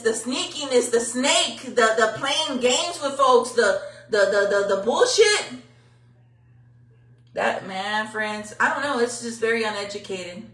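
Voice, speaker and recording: A woman's voice: high-pitched, sharp tone. A middle-aged woman, speaking bluntly and from the heart in a casual livestream, swearing freely. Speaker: local news livestreamer. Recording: echoey, from a distance.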